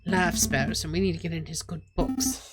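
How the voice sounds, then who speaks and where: Woman doing a stern, lowered male bird detective. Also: fairly even intonation, brisk, over music, lightly acted. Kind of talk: game dialogue read aloud on stream.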